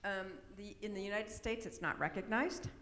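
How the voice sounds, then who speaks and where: A woman's voice: mid-range voice, normal speed, fairly bright tone. Chatty woman presenting in an echoey hall. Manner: chatty, peppers talk with "right?" and "um". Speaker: presenter at an autism workshop. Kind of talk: informal presentation. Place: large church hall. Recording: echoey hall with long reverb, faint noise.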